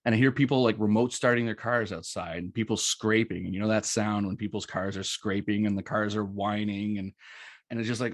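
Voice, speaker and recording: Presenter, male, middle-aged, lowish voice, relaxed chatty delivery, dry close sound. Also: a little fast, no room sound. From Canada. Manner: chatty, anecdotal, many ums and rights. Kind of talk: casual presentation talk.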